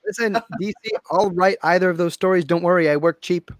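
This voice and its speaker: A man co-hosting a casual comics podcast, animated and laughing as he pitches story ideas. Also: fairly quick, no echo, clean studio sound. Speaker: podcast co-host. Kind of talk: casual chat.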